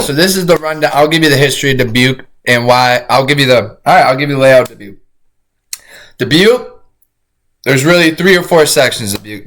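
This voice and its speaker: A man streaming a reaction to a crime video, talking casually to his chat, excitable and profane, rambling with frequent restarts. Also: medium pitch.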